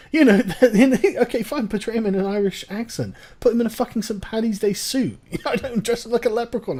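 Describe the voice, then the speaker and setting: Host, male, profane sarcastic ranter, lively pitch, warm low timbre. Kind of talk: casual political chat.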